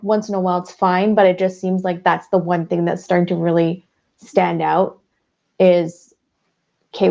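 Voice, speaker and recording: A woman co-hosting a casual sports podcast, chatty and giggly with quick asides. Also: on the low side, darkish tone. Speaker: podcast co-host. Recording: dull lo-fi audio.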